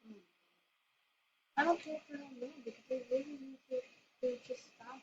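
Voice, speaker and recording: A woman hosting her own channel, excitedly commenting on a game she plays, squealing and laughing. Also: sits high, moderate pace. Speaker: gaming channel host. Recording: lo-fi with noisy background.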